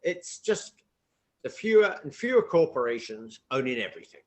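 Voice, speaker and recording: Animated older man telling stories. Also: mid-range voice, normal speed. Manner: animated storyteller, blunt and colloquial. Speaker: panelist. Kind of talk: casual political chat.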